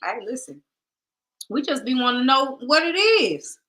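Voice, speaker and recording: Bright-voiced chatty woman host. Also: high-pitched, big pitch swings, normal speed. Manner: chatty, laughing, talks straight to viewers. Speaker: podcast host. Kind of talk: casual livestream chat.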